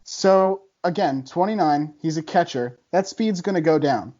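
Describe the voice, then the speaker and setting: A man arguing a contrarian take on a casual podcast, chatty and quick to laugh. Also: a little high, expressive, darkish tone, dull audio. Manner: chatty, laughs often, argumentative. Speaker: podcast guest debater.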